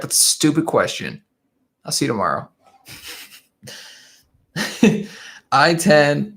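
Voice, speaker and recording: Through a desk microphone, a male livestream host chats easily with his audience, going through viewer comments and laughing often. His voice has a medium pitch and a fairly bright tone.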